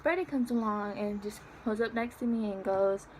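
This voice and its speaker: An eighteen-year-old woman casually telling a story on her vlog, chatty and animated as she acts out what was said. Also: medium pitch, normal speed, a little hiss or hum. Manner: chatty, animated retelling with quoted dialogue. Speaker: vlogger.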